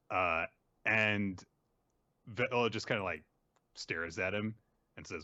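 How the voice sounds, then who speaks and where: A man hosting a podcast, recapping manga in a casual, animated way with lots of fillers. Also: fairly low pitch, slow pace, pauses often, no echo, lo-fi sound. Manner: animated storytelling with frequent fillers. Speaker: podcast host.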